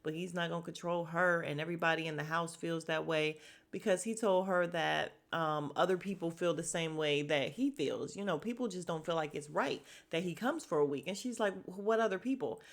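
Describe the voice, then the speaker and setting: With vocal fry and a low voice, a young woman talks fairly quickly on her podcast while recapping a reality show. She gossips bluntly in a casual way, swears freely, and imitates cast members in animated voices.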